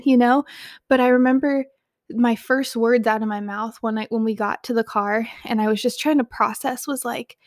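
A young woman telling a personal story of loss to camera, open and heartfelt, tearful, with halting restarts. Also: fairly high pitch, no echo, clean studio sound. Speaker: mother sharing a personal loss.

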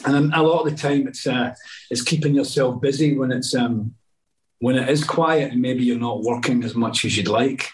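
A man's voice: mid-range voice, normal speed, a little hiss or hum. A middle-aged man, a guest actor telling rambling stories in casual chat, full of restarts and asides. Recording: voice a bit distant from the mic.

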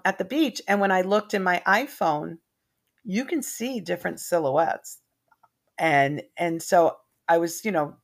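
A woman's voice: lowish voice, vocal fry. An older woman telling long family anecdotes in casual chat, rambling with many restarts.

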